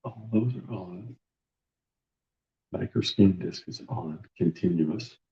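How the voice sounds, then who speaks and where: A man's voice: deep voice, slow, vocal fry, lo-fi sound. A man investigating a house for a live stream, talking to himself as he sets up recording gear. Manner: mutters to himself while setting up equipment. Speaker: paranormal investigator. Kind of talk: casual live-stream chat.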